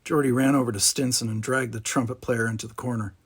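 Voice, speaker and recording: A man narrating a storybook aloud, animated, giving each character its own voice. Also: medium pitch, quick pace, hardly any pauses, husky.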